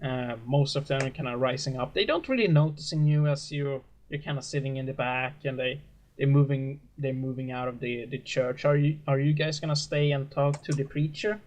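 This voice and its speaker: A man narrating a tabletop role-play as game master, halting and full of hesitations. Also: medium pitch, darkish tone. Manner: hesitant, many fillers and restarts.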